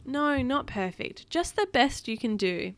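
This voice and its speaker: A woman voicing a gentle mum dog. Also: sits high, expressive, a little slow, slight background noise, pitched above the performer's own voice. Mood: soothing.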